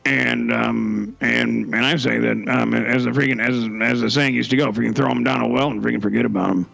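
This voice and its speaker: Gravelly man with halting, filler-heavy comic rants. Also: medium pitch, fairly even intonation, fairly bright tone, rough recording. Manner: hesitant, stuffs every sentence with one mild curse word. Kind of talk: comedic podcast banter.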